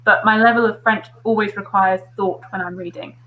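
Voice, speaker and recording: A woman's voice: medium pitch, steady tone, a little fast, phone-quality sound, a little hiss or hum. A woman hosting a casual video call discussion, asking questions and reflecting on her own reading. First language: English.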